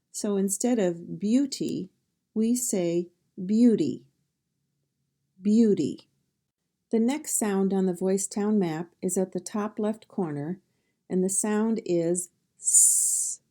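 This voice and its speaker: A woman with a Midwestern American accent teaching pronunciation, sounding out each phoneme and word carefully in a slow drill. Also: mid-range voice, mellow. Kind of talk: slow instructional speech drill.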